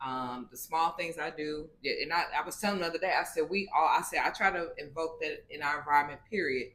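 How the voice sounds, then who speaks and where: A woman's voice: deep voice, quick pace, a bit bright, a little hiss or hum. A woman co-hosting a casual marriage chat, earnest and reflective, with lots of "you know" fillers. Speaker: podcast co-host.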